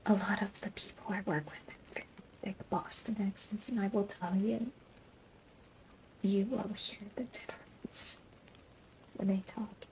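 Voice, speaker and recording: Soft, gravelly-voiced woman half-whispering slowly. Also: mid-range voice, steady tone. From Southern United States. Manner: soft, often half-whispered, slow and unhurried. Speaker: VTuber streamer. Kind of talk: sleepy late-night stream chat.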